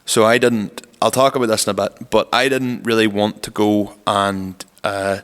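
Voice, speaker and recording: A man's voice: on the low side, flat delivery, moderate pace, fairly bright tone, big-room sound. A man co-hosting a podcast, telling stories in a casual, rambling way full of fillers. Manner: rambling storyteller, lots of "like" fillers. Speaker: podcast co-host. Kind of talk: casual chat.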